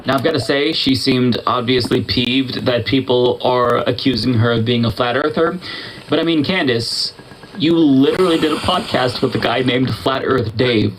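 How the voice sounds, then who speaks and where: Male commentator, mid-pitch, measured and dry-witted, slight noise. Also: low-quality recording. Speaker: online political commentator. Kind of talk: scripted commentary.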